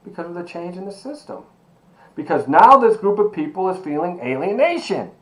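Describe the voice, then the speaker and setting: An emphatic male professor lecturing online with a fairly high voice. He throws out rhetorical questions, answers them himself and talks to his students like old friends. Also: very animated, fairly quick, a bit bright, poor audio. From Miami. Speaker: sociology professor.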